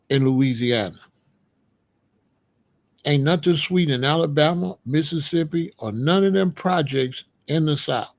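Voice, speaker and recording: Male host, raspy fry, slightly high pitch, blunt street commentary. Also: darkish tone. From Chicago. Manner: blunt, streetwise, repeats phrases. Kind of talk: casual commentary monologue.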